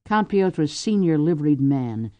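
A woman narrating a novel aloud with expressive, lively storytelling. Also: deep voice, a little slow, dry recording, highs cut off. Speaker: audiobook narrator. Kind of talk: scripted narration.

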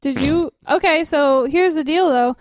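A woman with a fairly high voice trades jokes in loose, giggly podcast banter. The sound is dry and close, with no room around it. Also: a little slow, dry recording. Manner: giggly, playful, puts on joke accents. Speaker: podcast co-host. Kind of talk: silly casual chat.

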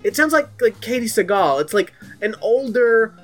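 A woman co-hosts a comedy podcast in loose, rambling chat. Her pitch leaps and dips and she laughs often. Faint music sits under her voice. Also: sing-song, normal speed. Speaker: podcast co-host.

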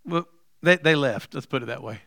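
A middle-aged man preaching a sermon, telling stories with humor and building to loud, emphatic points. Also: medium pitch, normal speed, no echo, clean studio sound. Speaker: pastor.

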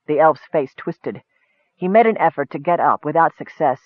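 A man reading a fantasy story aloud in steady narration. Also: fairly high pitch, normal speed, dry recording. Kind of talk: audiobook narration. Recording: tinny phone-like line, dry.

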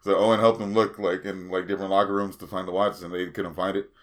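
A man with a low, flat voice talks fast while hosting a casual podcast chat. He rambles through long anecdotes, swearing freely and packing his speech with fillers.

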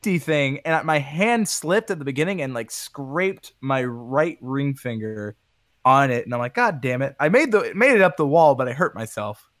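A man telling a story as a podcast guest in a relaxed, matter-of-fact way. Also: mid-range voice, normal speed, no echo, studio quality. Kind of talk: casual podcast chat.

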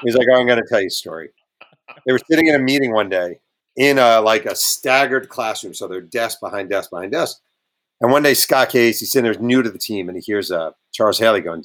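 As a guest author on an audio talk show, a man spins locker-room anecdotes in a casual storytelling interview, animating them by slipping into the voices of the people involved. His voice is lowish, brisk and a bit bright.

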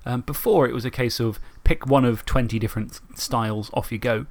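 A man's voice: mid-range voice, fairly even intonation, fairly quick. A man co-hosting a podcast, chatting casually and rambling, often laughing. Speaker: podcast co-host. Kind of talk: casual chat about tabletop and video games.

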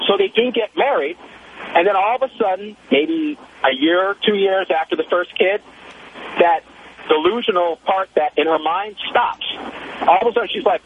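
Young guy on a call-in show, high voice, tinny phone line, bit of hiss, slangy and boastful. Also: moderate pace. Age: 20s. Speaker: caller. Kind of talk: call-in radio chat.

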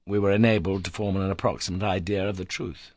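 A man's voice: sits low, little pitch movement, fast, no room sound, studio quality. A man reading a classic adventure novel aloud as first-person narration, telling it with dramatic emphasis. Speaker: audiobook reader.

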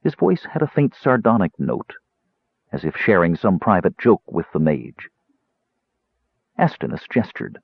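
A man narrating a fantasy audiobook in a measured, expressive storytelling manner. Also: deep voice, husky, no echo. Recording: dull lo-fi dry recording.

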